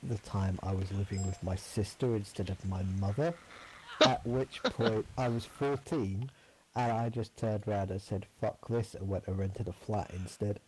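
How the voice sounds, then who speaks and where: Man, lowish voice, blunt matter-of-fact tone, faint clicking noise. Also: moderate pace, darkish tone, poor audio. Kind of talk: casual chat on a live stream.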